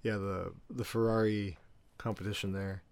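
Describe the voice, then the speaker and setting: A man's voice: on the low side, fairly even intonation, moderate pace, gravelly, darkish tone. A man guesting on a podcast, chatting casually about cars and laughing along easily. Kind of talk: casual car chat.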